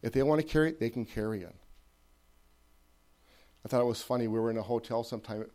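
A man's voice: mid-range voice, fast, warm tone. A man preaching an informal sermon in a conversational way, repeating phrases for emphasis and checking in with listeners.

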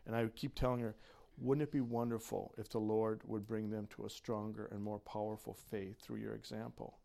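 A man giving an earnest prayer update to a church group, speaking softly. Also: fairly low pitch, little pitch movement, normal speed, vocal fry.

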